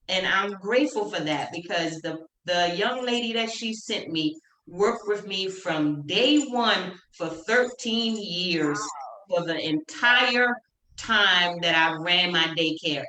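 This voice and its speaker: Animated woman in a roomy echo. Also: medium pitch. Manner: animated, acts out quoted voices, repeats herself. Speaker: panel guest sharing stories. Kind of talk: casual group chat. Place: home, on a video call.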